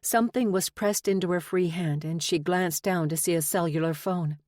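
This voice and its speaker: A woman with a lowish voice narrates a romance audiobook, reading in a measured, expressive way. It's scripted narration with clean studio sound and no echo.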